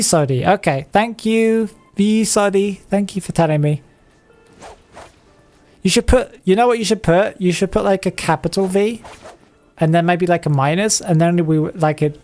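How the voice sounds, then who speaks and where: A man's voice: high-pitched, normal speed, darkish tone, faint music behind. A man streaming live game commentary, chatty and casual, putting on a playful made-up accent and rolling his R's. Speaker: streamer commentating viewers' matches.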